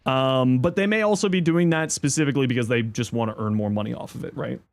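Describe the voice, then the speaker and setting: A man livestreaming in casual chat, reading viewer messages aloud and thanking subscribers, thinking out loud. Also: fast talker. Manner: squeaky high-pitched outbursts of surprise. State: chewing an apple.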